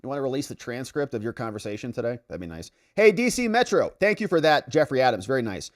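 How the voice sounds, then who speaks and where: A man's voice: medium pitch, big pitch swings, fast talker, hardly any pauses. Guy hosting a livestream, reading chat and reacting, voice jumps up and down a lot. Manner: reads viewer comments aloud and reacts. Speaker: livestream host.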